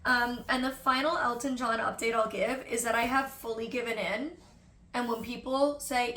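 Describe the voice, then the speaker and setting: A woman's voice: sits high, normal speed, a bit bright. A young woman chatting casually at home as a vlogger, laughing often and acting out quotes. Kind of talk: casual chat. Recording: echoey room, faint noise.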